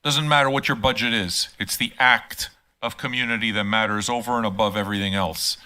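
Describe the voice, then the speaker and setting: Bright-voiced older man ranting playfully. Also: on the low side, steady tone, fairly quick. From Quebec. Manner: profane, teasing, rants loudly at times. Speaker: channel host. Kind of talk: casual live-stream monologue.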